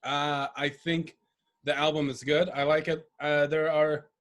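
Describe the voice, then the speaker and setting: A man's voice: on the high side, level tone, measured pace, fairly bright tone. A man co-hosting a casual podcast chat, rambling and profane, often laughing. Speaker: podcast co-host.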